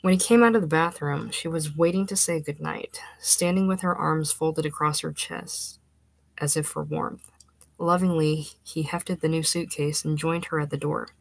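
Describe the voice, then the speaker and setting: A woman reading a literary short story aloud in a measured, expressive way. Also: low voice, gravelly, no room sound, poor audio. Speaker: narrator.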